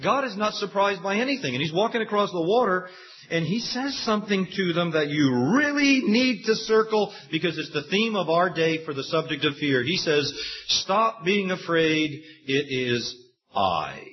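A man preaching a sermon, telling Bible stories with lively acted-out quotes. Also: sits high, brisk. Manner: animated storytelling preacher, acts out quoted voices. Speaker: pastor. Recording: dull lo-fi sound.

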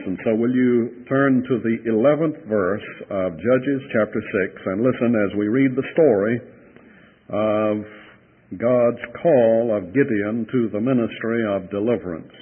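A man preaching an expository sermon, reading Scripture aloud in a measured way and stopping to comment on words in the text. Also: mid-range voice, breathy edge. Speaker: Bible teacher. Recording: tinny old radio broadcast.

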